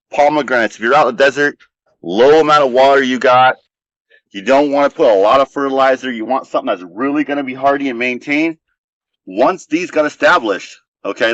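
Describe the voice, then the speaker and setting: A man's voice: medium pitch, fairly bright tone, no room sound. A man hosting a casual garden vlog, chatting in an easygoing, rambling way as he walks around an outdoor desert garden. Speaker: vlog host. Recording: dull lo-fi dry sound.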